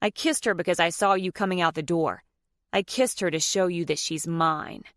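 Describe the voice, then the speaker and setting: Una narradora haciendo de un primo engreído y cruel. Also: female voice, fairly low pitch, a bit bright, dry recording, clean studio sound, natural voice. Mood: smug taunting. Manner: smug, slow and taunting. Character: smug, cruel young man, the rival cousin.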